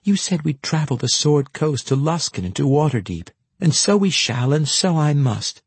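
A man's voice: fairly high pitch, expressive, normal speed, husky, dry recording, pitched above the performer's own voice, full character voice. A man voicing a determined young peasant woman who speaks in an earnest, pleading way.

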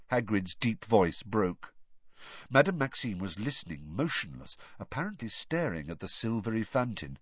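A male audiobook narrator with a slightly husky voice, reading in a measured, expressive way with a lively rise and fall in pitch. The recording sounds dull, lo-fi and dry. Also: no echo. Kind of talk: storybook narration.

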